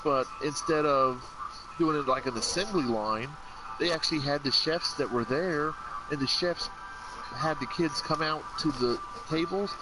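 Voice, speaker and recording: A man's voice: a little high, a little slow, music in the background, rough recording. A man from the United States hosting a let's play, chatting casually and rambling through a story with lots of repeated filler phrases. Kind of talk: casual gameplay chat. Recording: loud constant background noise.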